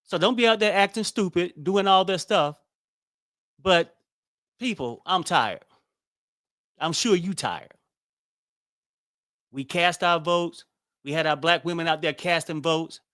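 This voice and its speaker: A fairly high-voiced man, ranting bluntly and wearily. He swears freely and sounds exasperated, recorded close and dry with no room sound. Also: measured pace, long pauses, a bit bright, dry recording. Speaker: political commentary host. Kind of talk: casual political commentary.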